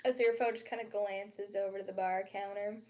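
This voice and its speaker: A woman's voice: mid-range voice, fairly even intonation, dark tone, a little hiss or hum. A woman narrating as game master, slipping briefly into character voices. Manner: voices characters in quick asides.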